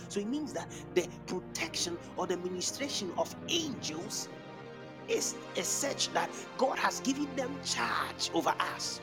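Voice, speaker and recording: Preacher man, lively swinging pitch, music bed behind, sermon with tongues. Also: unhurried. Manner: preaching with lively rising calls.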